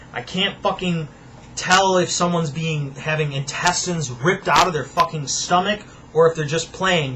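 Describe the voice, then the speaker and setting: A young man at home vents to his viewers in an angry, sarcastic rant full of profanity. His voice sits on the high side, and there's noise in the background.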